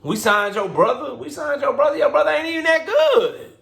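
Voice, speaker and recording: A man's voice: a little high, a little fast, fairly bright tone. A man voicing a petty, scheming older male boxing promoter who talks in a smug, mocking way. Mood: indignant. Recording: roomy echo.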